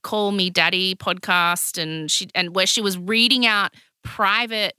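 Chatty woman, bright and dry. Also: medium pitch, unhurried, smooth, no echo. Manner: animated, chatty, lots of fillers and voices. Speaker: podcast co-host. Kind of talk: casual chat.

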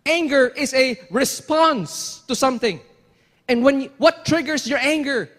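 A man's voice: very high voice, unhurried, a bit bright. A man preaching a sermon, emphatic, repeating phrases and asking rhetorical questions. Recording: long hall reverb.

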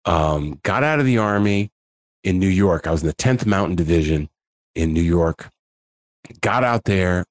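A man's voice: low voice, normal speed, no room sound. A man in his forties, a guest in a casual interview, telling stories animatedly and acting out the dialogue. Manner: animated storyteller, acts out dialogue.

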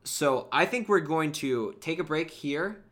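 A man co-hosting a casual fan podcast, his voice bright and forward. He talks with eager enthusiasm, breaking into lines from the scenes as he retells them. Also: a little high, animated, unhurried. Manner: enthusiastic, acts out quotes from scenes. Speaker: podcast co-host.

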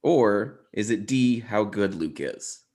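A playful man in casual podcast chat, giggling as he runs a silly quiz. His voice is fairly low. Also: expressive, slow pace, a little mellow. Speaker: podcast co-host.

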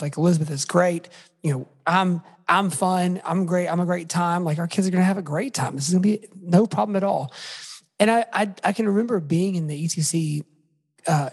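A man talking in casual conversation in an upbeat, self-deprecating way, words coming in quick bursts. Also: high voice, darkish tone, breathy edge. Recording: long hall reverb.

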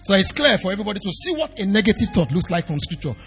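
A man preaching a sermon as pastor, swinging from quiet asides to shouted emphasis. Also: high-pitched, very animated, very fast, husky. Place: church hall. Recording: long reverb of a hall with faint music.

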